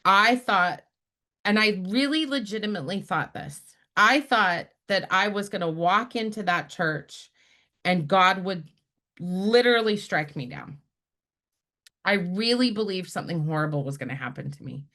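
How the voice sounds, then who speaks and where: A woman's voice: medium pitch, normal speed. A middle-aged woman from Utah, a spiritual director telling a personal story in a conversation and acting out the people she quotes. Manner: animated storyteller, acts out quoted friends. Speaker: guest, spiritual director and activist.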